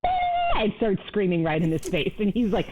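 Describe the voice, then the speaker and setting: A woman co-hosting a podcast in casual chat, telling lively stories and mimicking people. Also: medium pitch, fairly quick, noisy background. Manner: animated storyteller, mimics voices. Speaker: podcast co-host. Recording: tinny phone-like line.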